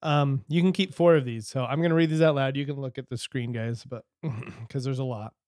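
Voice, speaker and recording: Laid-back podcast host, dry close sound. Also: male voice, medium pitch, steady tone, a little fast, darkish tone, no room sound. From Utah. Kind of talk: casual chat.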